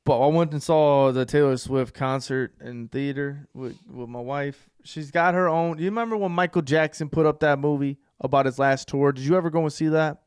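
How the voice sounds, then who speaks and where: A young man on a podcast with a fairly high voice, recorded close and dry with no room sound. He talks casually and with plenty of swearing, his storytelling swinging between hushed, emotional stretches and loud outbursts. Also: normal speed, hardly any pauses, clear, resonant tone, dry recording. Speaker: podcast co-host. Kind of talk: casual chat.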